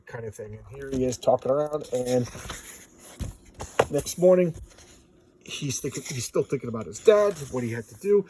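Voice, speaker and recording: Mellow-voiced man recapping a comic. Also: fairly high pitch, breathy edge, low-quality recording. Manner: loose storytelling recap, briefly acts out character lines. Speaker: comic book reviewer. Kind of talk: casual comic book recap.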